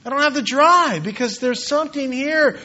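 High, bright-voiced impassioned preacher man. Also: normal speed, dull audio. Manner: impassioned, mimics doubters in quoted asides. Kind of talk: sermon.

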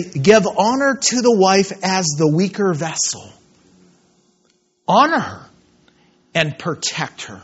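A man in his thirties preaching a sermon, telling stories with lively acted-out shouts. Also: high-pitched, dull audio. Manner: animated storytelling, acts out scenes with shouts.

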